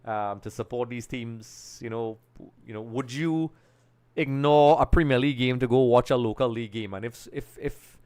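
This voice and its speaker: A young adult man with a medium-pitched, darkish, clean voice speaks at a moderate pace. He's from Trinidad and Tobago and hosts a live football talk stream, rambling casually and thinking aloud while pulling things up on screen.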